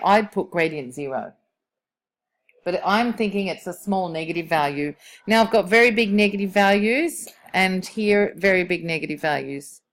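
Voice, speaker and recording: A woman teaches a maths lesson in a relaxed classroom manner. She thinks aloud as she works and keeps turning questions back to her students. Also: mid-range voice. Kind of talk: classroom lesson on curve sketching.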